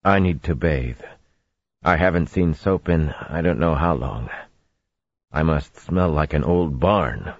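A man playing a gruff, blunt young husband who talks in an earnest growl, on a dull lo-fi audiobook recording. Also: extremely low pitch, slow, no room sound, heavily acted. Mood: sheepish.

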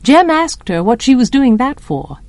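A woman reading a novel aloud as an audiobook narrator, measured and expressive. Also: sits high, dry recording. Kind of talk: storybook narration.

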